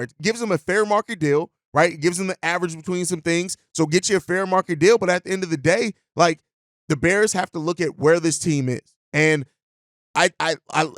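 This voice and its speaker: A man's voice: sits high, dry recording, clean studio sound. A man hosting a sports podcast who gives persuasive, conversational commentary. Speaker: podcast host.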